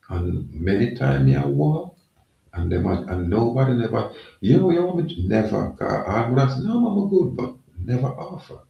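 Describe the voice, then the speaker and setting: A man's voice: low-pitched, creaky, warm tone. A man talking in a rambling, emphatic casual monologue, repeating himself. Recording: echoey, from far off the mic.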